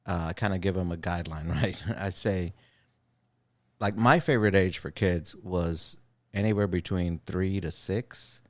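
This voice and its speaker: A man's voice: sits low, a little slow, no echo. A man in his forties co-hosting a podcast, chatting casually and acting out voices as he tells family stories. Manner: animated storyteller who acts out quoted voices. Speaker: podcast co-host. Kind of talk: casual chat.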